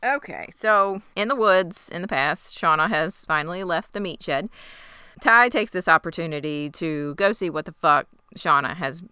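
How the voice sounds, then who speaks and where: A woman's voice: fairly low pitch, pushed and bright, clear, resonant tone, dry recording. A woman co-hosting a podcast, recapping a TV episode with dry, wry remarks. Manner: dry and wry, quick reactions. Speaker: podcast co-host.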